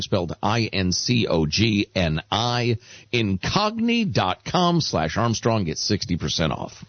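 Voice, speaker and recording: A man co-hosting a radio talk show, sardonic and expressive, also reading ads. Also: fairly low pitch, no room sound, dull audio.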